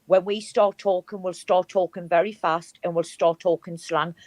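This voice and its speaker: A woman's voice: fairly low pitch, fairly even intonation, normal speed, darkish tone, no room sound. A woman with a Geordie accent, teasing brashly in a casual chat. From North East England.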